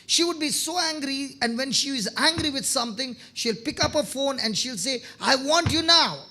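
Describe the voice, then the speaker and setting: A man's voice: extremely high pitch, normal speed, pushed and bright. A man preaching a sermon, telling testimony stories, often checking in with his listeners and repeating words as he starts phrases.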